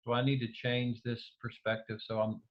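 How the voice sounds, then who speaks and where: A man's voice: mid-range voice, little pitch movement, normal speed, dull audio. A man being interviewed over a video call, speaking hesitantly with many restarts and fillers. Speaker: interview guest.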